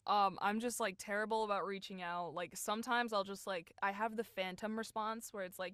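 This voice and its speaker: A young woman voice actor, a guest in a casual interview, animated and quick to laugh, sometimes dropping to a whisper. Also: medium pitch, no echo, clean studio sound. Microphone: home recording booth mic.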